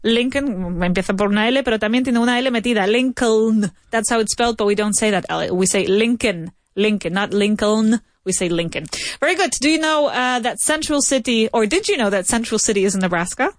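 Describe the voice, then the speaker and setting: This woman teacher talks in a fairly high, bright register, and the sound is close and dry with no room around it. She corrects her students patiently, laughs easily, and switches into Spanish for explanations. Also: lively intonation, quick pace, few pauses, dry recording. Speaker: English teacher. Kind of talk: conversational language lesson.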